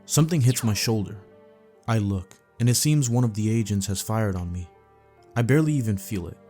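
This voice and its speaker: A man calmly narrating a first-person dream story for sleeping, in a steady, low-key way. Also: brisk. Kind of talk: calm bedtime story reading. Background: faint background music.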